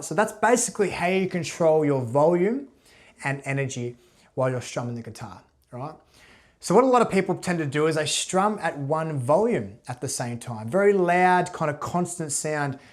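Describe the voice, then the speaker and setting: A man gives a casual guitar lesson, talking through each step in a relaxed, conversational way. His voice sits a little high for a man. He keeps checking in with his viewers, ending nearly every point with "right?". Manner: relaxed, repeats "right?" often. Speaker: guitar teacher.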